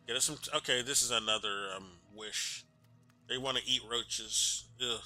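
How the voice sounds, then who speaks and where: A man's voice: mid-range voice, little pitch movement, moderate pace, bright, forceful tone, soft background music. A man giving casual let's play commentary, thinking aloud and swearing now and then. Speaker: gamer.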